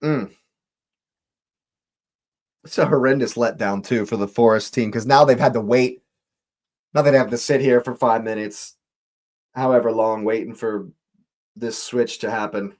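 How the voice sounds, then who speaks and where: Male fan host for a live match reaction stream, unhurried, repeats himself in disbelief, mid-range voice. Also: medium pitch, steady tone, a little mellow. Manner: exasperated, repeats phrases, slow deliberate delivery. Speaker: watch-along host.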